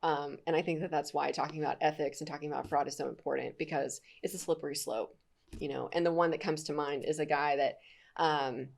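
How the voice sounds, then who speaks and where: A woman's voice: low-pitched, steady tone, brisk, creaky. A woman hosting a podcast interview, talking candidly and conversationally, laughing easily. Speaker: podcast host. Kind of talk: casual interview chat.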